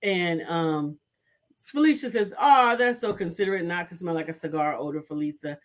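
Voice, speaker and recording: A woman's voice: lowish voice, moderate pace. A woman co-hosting a casual live show, reading out viewer comments in a chatty, affirming way. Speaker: co-host.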